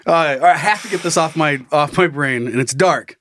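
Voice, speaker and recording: A man's voice: on the high side, brisk, fairly bright tone, dry recording. A man co-hosting a comedy podcast who laughs often and riffs on absurd scenarios in casual chat. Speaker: podcast co-host.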